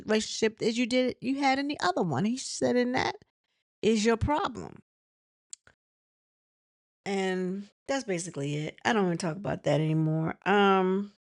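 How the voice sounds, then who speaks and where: A woman's voice: medium pitch, no echo, clean studio sound. A woman hosting a casual reality TV recap, chatting and retelling scenes with quoted dialogue and frequent laughs.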